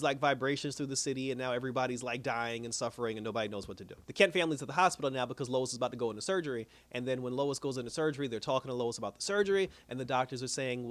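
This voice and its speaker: A man's voice: mid-range voice, fairly bright tone, no room sound. A man giving a casual, slangy episode recap and review, laughing often as he retells scenes.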